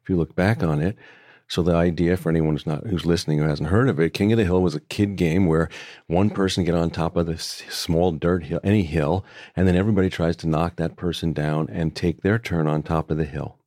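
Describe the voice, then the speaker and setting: An older man, a book author talking as a guest, speaking in a thoughtful, measured way with frequent restarts. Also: low-pitched, steady tone, darkish tone, dry recording, studio quality. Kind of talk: reflective conversation.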